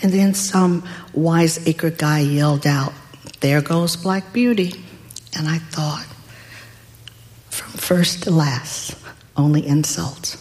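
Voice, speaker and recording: An older woman telling a personal story in a deliberate, wry way. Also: low voice, fairly even intonation, darkish tone. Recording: long hall reverb.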